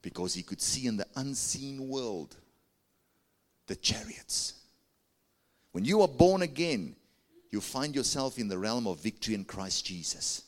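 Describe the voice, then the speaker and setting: South African man preaching with lively swings. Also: measured pace, pauses often. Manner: preaching with big pitch swings, coaxing the congregation. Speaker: pastor. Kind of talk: sermon. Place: church.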